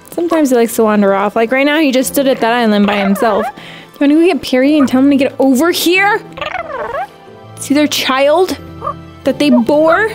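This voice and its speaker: A woman with a high, lively voice giving sassy, playful game commentary, scolding in-game birds like a fed-up parent. Her pitch swings widely, leaping into squeals. Light game music plays behind her. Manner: jumps to high squeals when excited. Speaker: gaming YouTuber.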